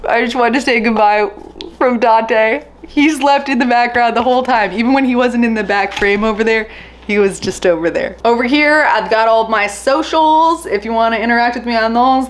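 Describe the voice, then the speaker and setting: A woman's voice: a little high, fairly quick, a little hiss or hum. A young woman hosting her own video channel, talking casually to viewers with many "like" fillers. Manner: chatty, lots of "like" fillers. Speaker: YouTube host. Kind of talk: casual vlog outro.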